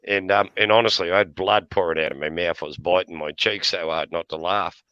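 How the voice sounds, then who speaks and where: A man's voice: deep voice, fairly even intonation, a little fast, bright, forceful tone, smooth, no echo, dull audio. An Australian man in casual chat, spinning tall tales with lots of laughter and the odd swear word. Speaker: podcast regular.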